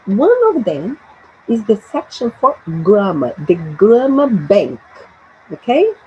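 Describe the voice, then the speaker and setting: A woman's voice: fairly high pitch, very animated, slow pace, warm tone, muffled recording, a little hiss or hum. A woman from Brazil, teaching an English lesson and patiently checking understanding with frequent tag questions. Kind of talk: classroom explanation.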